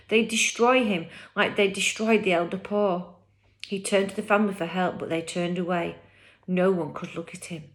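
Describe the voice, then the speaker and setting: Woman reading a kids book chapter out loud, kinda low voice, dramatic delivery. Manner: expressive, dramatic storytelling. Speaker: storyteller reading a children's novel.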